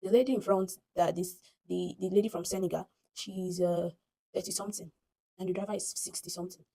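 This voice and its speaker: A woman with a Nigerian accent tells a story casually to her phone camera, animated and dramatic, acting out the voices she quotes. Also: on the low side, a little fast, creaky, slightly rough, rough recording. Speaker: vlogger.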